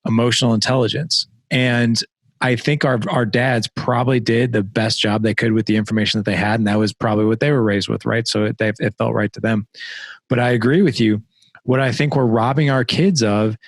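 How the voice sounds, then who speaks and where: Middle-aged guy hosting a podcast, jokey and animated, average pitch, dry close sound. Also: no room sound. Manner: animated, joking, laughs often. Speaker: podcast host. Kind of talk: casual podcast conversation.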